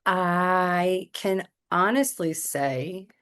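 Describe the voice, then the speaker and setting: A woman, a podcast guest telling her career story in a lively, casual way. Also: lowish voice, extremely slow, clean tone. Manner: animated storyteller acting out quoted dialogue. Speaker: podcast guest, clinical executive.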